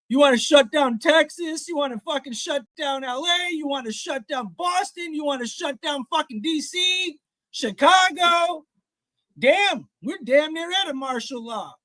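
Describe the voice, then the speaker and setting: A man hosting a live stream, ranting in a heated, profane way and often shouting. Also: extremely high pitch, animated, a little slow, no room sound. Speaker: livestream host. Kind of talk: profane live reaction rant.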